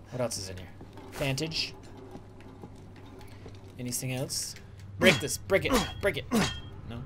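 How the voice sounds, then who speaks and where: A man hosting a casual let's-play video, playful and excitable and swearing freely as he narrates his gameplay. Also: fairly high pitch. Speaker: gaming video host. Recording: noisy game audio behind the voice.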